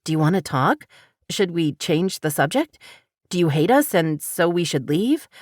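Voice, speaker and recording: A woman's voice: lowish voice, animated, moderate pace, darkish tone, no echo, studio quality. A woman voicing a friendly, chatty local woman.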